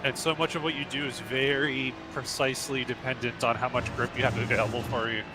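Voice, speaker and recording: A man's voice: medium pitch, steady tone, a little fast, music in the background. A man coaching as he drives on a live stream in a sim racing club, calling out short, clipped driving instructions in a running commentary.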